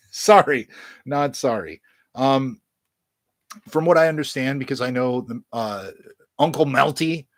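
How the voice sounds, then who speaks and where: A man's voice: mid-range voice, no echo. A man in a casual vlog, reviewing albums from his collection in a crude, joking, self-mocking way, rambling with lots of fillers and swearing.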